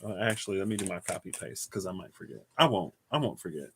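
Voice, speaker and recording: A man giving a casual livestream tarot reading, thinking aloud in a rambling way with restarts and soft chuckles. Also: deep voice, quick pace, vocal fry, slight background noise. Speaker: tarot reader.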